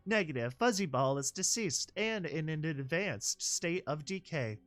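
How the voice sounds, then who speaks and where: A man's voice: a little high, lively intonation, measured pace, a bit bright. A man voicing an automated machine voice that speaks in clipped, literal, mechanical phrases in a storybook reading.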